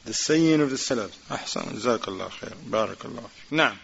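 A man teaching a class, reading Arabic passages quickly and then explaining them in informal, conversational English while asking his students questions. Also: medium pitch, expressive, creaky, a bit bright. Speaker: religious teacher. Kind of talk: class explaining a religious text. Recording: dull lo-fi recording.

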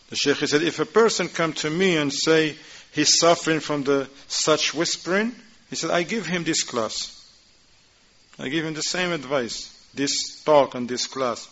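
A man teaching a class, reading Arabic passages quickly and then explaining them in informal, conversational English while asking his students questions. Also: fairly high pitch, a bit bright. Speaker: religious teacher. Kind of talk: class explaining a religious text. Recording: dull lo-fi recording.

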